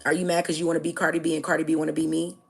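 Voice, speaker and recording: A woman's voice: low voice, level tone, racing, creaky, breathy edge. An American woman hosting a livestream, bluntly and profanely answering her chat and pressing her point with repeated "okay?"s. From United States. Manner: addresses viewers directly, repeating "okay?". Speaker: livestream host.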